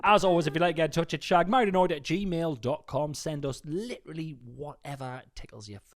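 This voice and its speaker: A man's voice: a little high, brisk. A man co-hosting a podcast in casual chat, full of teasing banter and playful repetitions. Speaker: podcast co-host.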